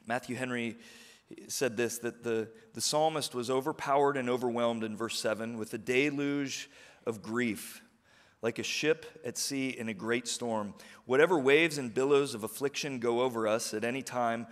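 A middle-aged man preaching a sermon, moving from quiet, earnest reflection to rousing calls to the congregation. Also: mid-range voice, normal speed. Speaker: pastor. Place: church sanctuary. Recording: long hall reverb of a church.

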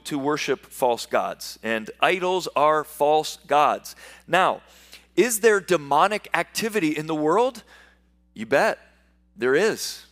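A man with a fairly high voice preaches a sermon from the pulpit. He reads scripture aloud and explains it in his own words, often stumbling and repeating words as he goes, and leans into sarcasm when quoting mockery. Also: fairly bright tone. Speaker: pastor.

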